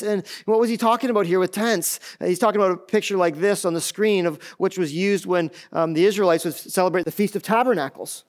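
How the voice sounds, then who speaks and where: A middle-aged man, a pastor preaching a sermon in an animated way, acting out the voices of others. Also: sits high, fast, few pauses.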